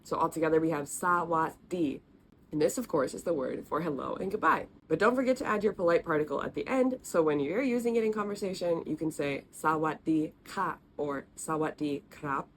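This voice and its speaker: A woman teaching the letters and sounds of an alphabet in a friendly, patient way, repeating each sound slowly. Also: on the low side, lively intonation, slight background noise. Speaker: language teacher. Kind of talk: explaining, recorded lesson.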